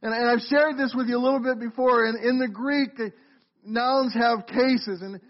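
High-voiced middle-aged pastor preaching. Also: male voice, fairly even intonation, normal speed, muffled recording. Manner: conversational, engages the congregation with questions. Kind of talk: sermon. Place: church sanctuary.

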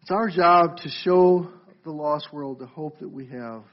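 A little high and a little slow, a pastor's voice carries an earnest sermon in which he addresses "folks" and repeatedly restarts, echoing his own words. The recording sounds muffled and lo-fi.

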